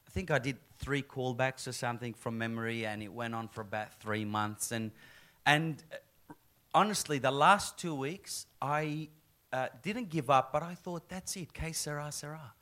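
A man's voice: medium pitch, moderate pace. A middle-aged man, an actor chatting in an interview, telling stories and acting out quoted lines. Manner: animated storyteller, acts out quoted lines, laughs often. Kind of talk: casual interview chat.

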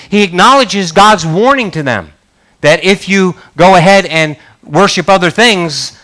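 Animated man preaching a sermon. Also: sits high. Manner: animated, conversational preaching with rising emphatic outbursts. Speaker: pastor.

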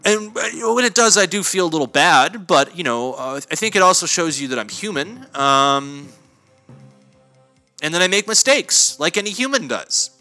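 A man hosting a comedy podcast, delivering a deadpan, mock-pompous monologue that rambles with many fillers and self-corrections. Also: sits high, normal speed, soft background music. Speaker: podcast host.

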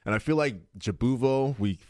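A man's voice: medium pitch, a little mellow, dry recording, clean studio sound. A man co-hosting a casual podcast chat, laid-back and swearing freely. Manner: laid-back, profane, quick to agree. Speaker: podcast co-host.

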